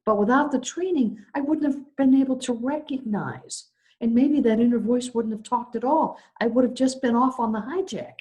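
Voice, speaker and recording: A woman's voice: on the high side, moderate pace. A middle-aged woman minister giving a sermon, telling a personal story and acting out the voices in it. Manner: animated, acts out her own story.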